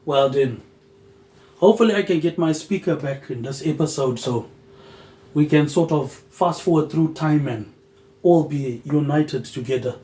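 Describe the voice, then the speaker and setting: A man hosting a solo podcast, rambling loosely with "um" pauses and dropping a low, quiet "mate" at the end of his phrases. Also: echoey room, rough recording. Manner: drifting, loosely connected talk with "um" pauses. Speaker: podcast host.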